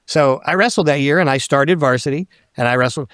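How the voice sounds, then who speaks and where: A man's voice: fairly high pitch, fairly quick, dry recording. Middle-aged man telling stories, dry sound. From Northern Virginia, USA. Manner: animated storyteller who acts out quoted people, swears casually. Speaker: podcast guest. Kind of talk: casual storytelling conversation.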